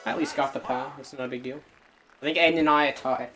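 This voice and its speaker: A man's voice: mid-range voice, steady tone, quick pace, sharp tone, faint music behind. A young man co-hosting a gaming video, explaining his shots in casual banter and laughing often. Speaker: gaming channel co-host.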